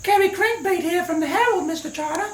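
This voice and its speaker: A man in falsetto as a squeaky lady reporter. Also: brisk, a bit bright. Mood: prim. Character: prim female newspaper reporter, young woman. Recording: echoey room.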